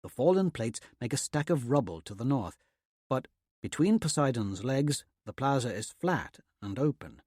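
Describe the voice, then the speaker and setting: A man narrates a fantasy audiobook in a steady, measured delivery. His voice sits in a middle pitch. The recording is dry and close, with no room sound. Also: dry recording. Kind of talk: scripted narration.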